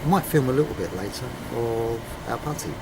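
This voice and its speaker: A man filming a casual video tour of his home kitchen and garden, talking in a meandering way with many pauses and fillers. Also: mid-range voice, lively intonation, very noisy. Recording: music clearly behind the voice.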